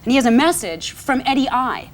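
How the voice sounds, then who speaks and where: A woman guest on a talk show telling an animated, self-mocking anecdote. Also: high-pitched, a little fast, slight background noise. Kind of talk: casual anecdote.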